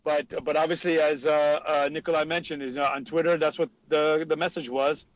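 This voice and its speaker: A slightly high-pitched man, talking loosely and opinionatedly with plenty of fillers. The sound is dry and close, and a little dull and lo-fi. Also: flat delivery, a little fast, no room sound. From Texas. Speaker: podcast co-host. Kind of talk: casual sports chat.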